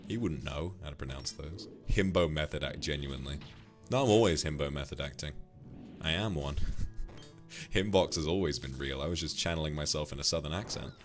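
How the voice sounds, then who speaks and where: A man with a very low voice chats casually on a stream and reads out viewer donations. He is affectionate and teasing, and calls his viewers darling. Soft music plays faintly behind him. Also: moderate pace.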